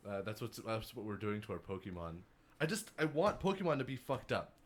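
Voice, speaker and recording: A man co-hosting a podcast, chatting casually about video games and riffing with dark jokes. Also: fairly low pitch, fairly quick. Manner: animated, darkly joking rambles. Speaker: podcast co-host. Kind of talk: casual gaming chat.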